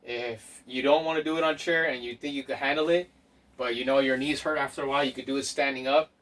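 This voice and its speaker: A man leading a home workout as a fitness instructor, counting reps aloud and giving slow, step-by-step tips. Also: medium pitch, fairly even intonation, a bit bright. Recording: voice from a distance off the mic.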